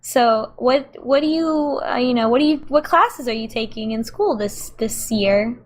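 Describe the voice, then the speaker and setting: Brief: woman voicing an awkward, eager girlfriend of the dad, stammering and higher-pitched. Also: expressive, a little slow. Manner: hesitant, stammering. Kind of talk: voicing a tabletop game character.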